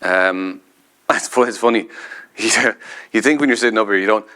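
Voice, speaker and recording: Irish man, fairly low voice, forceful bright tone, earnest and emphatic, poetry reading and panel talk. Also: moderate pace. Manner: earnest and emphatic, with bursts of laughter. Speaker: poet on a festival panel.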